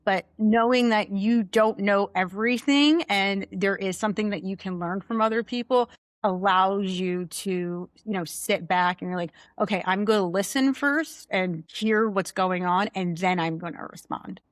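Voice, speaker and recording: A young adult woman guest, a finance executive, chatting candidly in a studio interview, telling stories with lively asides. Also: medium pitch, moderate pace, no room sound. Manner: candid, animated storyteller. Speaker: guest, chief financial officer. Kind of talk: casual interview chat.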